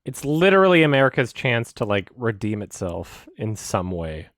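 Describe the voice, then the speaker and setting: A man's voice: lowish voice, sing-song, normal speed, a bit bright, no room sound. Guy ranting on stream, heated and sweary, voice jumping all over, totally dry room. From Canada. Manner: heated, profane, emphatic. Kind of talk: angry livestream rant.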